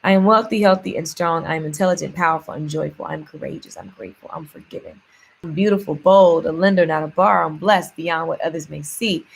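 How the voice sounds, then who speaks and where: A woman's voice: low voice, steady tone, fast, creaky, husky. An upbeat, chatty woman speaking straight to her viewers in a casual vlog. She runs through affirmations and everyday stories, and often says a word several times over for emphasis. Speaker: vlogger.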